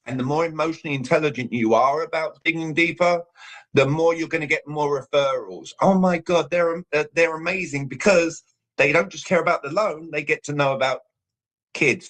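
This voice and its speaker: British male coach, fairly high voice, emphatic, punchy delivery on a video call. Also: moderate pace, fairly bright tone. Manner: emphatic, repeats "all right" between points. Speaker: communication coach, guest. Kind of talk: coaching talk on a live show.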